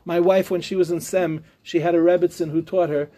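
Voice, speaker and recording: A man's voice: high-pitched, little pitch movement, fairly quick, dark tone. A middle-aged man, a rabbi, teaching a humorous live class with chatty storytelling, jokes and restarts.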